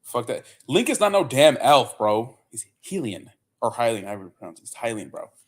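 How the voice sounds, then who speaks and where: Young man, casual livestream chat, loose and profane, lots of fillers, mid pitch. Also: big pitch swings, fairly quick. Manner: loose, profane, rambling with many fillers and "bro". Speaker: livestream host. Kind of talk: casual livestream chat reading viewer comments.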